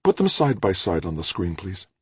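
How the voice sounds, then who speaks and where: A man's voice: deep voice, very animated, moderate pace, breathy edge, dry recording, voice pushed up, heavily acted. A man voicing a serious, businesslike woman scientist in an audiobook, curt and focused. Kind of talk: audiobook character voice.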